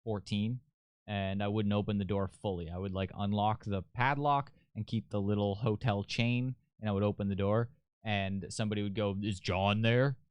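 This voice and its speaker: A man's voice: on the low side, steady tone, moderate pace, clear, resonant tone, no room sound. A young man hosting a podcast, telling a story in a loose, rambling, profane way. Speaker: podcast host. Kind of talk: casual storytelling.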